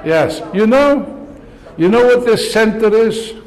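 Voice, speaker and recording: A man's voice: high-pitched, expressive, slow pace, a little mellow. An older man giving a rousing political speech, sarcastic and full of rhetorical questions, before an audience in a large hall. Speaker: political speaker.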